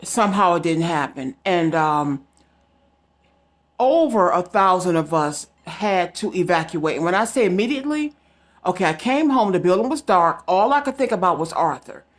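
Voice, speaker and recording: A woman's voice: lowish voice, expressive, moderate pace. A woman telling a story straight to her viewers in a casual vlog, emphatic and direct. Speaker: psychic vlogger.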